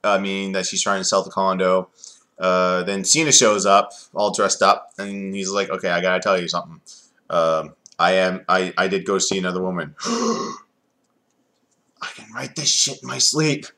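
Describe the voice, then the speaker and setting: A man with a fairly low voice talks through a wrestling reality show episode in a loose, rambling way. He drops plenty of fillers and sarcastic jabs as he recaps the scenes. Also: little pitch movement, moderate pace, pushed and bright. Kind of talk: casual review chat.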